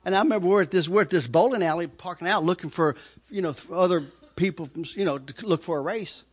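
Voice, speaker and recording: A middle-aged man shares his testimony in a loose, rambling story, laughing often and stumbling over repeated words. His high-pitched voice is fast and slightly rough.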